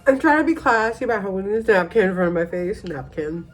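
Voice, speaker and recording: A woman's voice: mid-range voice, expressive, fast, faint music behind. A tipsy woman rambling through a casual vlog, mocking herself, trailing off and restarting her sentences. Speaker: vlogger.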